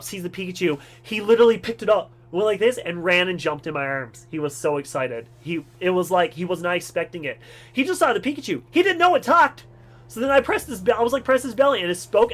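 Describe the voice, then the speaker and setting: Fast-talking excitable young man. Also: fairly high pitch, low-quality recording. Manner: excitable, rambling. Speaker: video host. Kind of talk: casual storytelling vlog.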